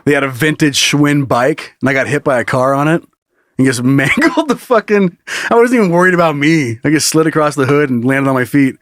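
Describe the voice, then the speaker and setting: A man's voice: fairly high pitch, brisk, no room sound, clean studio sound. A man co-hosting a comedy podcast, telling stories in casual, profane chat and laughing often. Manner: animated, profane storytelling with frequent laughs. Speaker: podcast co-host.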